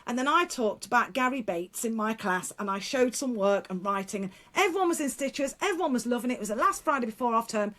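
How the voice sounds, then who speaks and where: As an interview guest, a middle-aged speaker and one-time teacher with a fairly high, slightly bright voice tells stories bluntly and frankly. She's animated and fast-talking with few pauses, breaking into laughter, restarting sentences and letting a mild swear slip.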